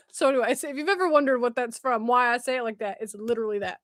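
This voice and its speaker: A woman's voice: on the high side, rapid-fire, hardly any pauses, fairly bright tone, dry recording, studio quality. A woman hosting a casual livestream. She chats, laughs often and reads viewer comments aloud. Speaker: livestream host. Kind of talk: casual live chat.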